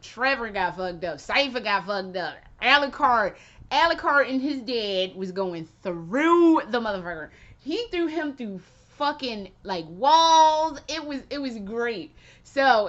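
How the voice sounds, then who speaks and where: A woman vlogger giving a rambling, excitable, profane spoken review of a show she loved. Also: a little high, dull audio. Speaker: video game vlogger.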